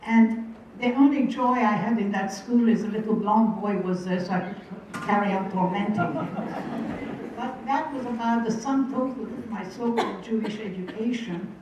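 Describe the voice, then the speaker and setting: A woman's voice: mid-range voice, normal speed, background noise. An older woman from Hungary, a survivor giving a talk and telling her childhood story with wry, vivid quoting of voices. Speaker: Holocaust survivor speaker. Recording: distant, dull, very echoey hall.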